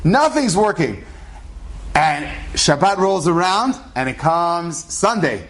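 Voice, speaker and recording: A man telling a story in a casual, animated way, acting out the voices of the people in it. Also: fairly high pitch, takes it slowly. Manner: animated, acts out quoted voices.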